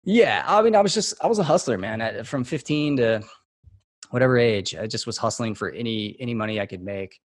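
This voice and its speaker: A man from Texas, a podcast guest, telling a relaxed, rambling story full of fillers and restarts. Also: mid-range voice, a little fast, no room sound, studio quality. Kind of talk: casual storytelling in a podcast interview.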